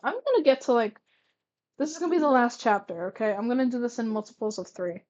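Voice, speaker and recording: A woman's voice: a little high, lively intonation, fast talker, darkish tone, muffled recording. A young woman reading old fanfiction aloud, stumbling over words and breaking off for sarcastic asides. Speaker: reader.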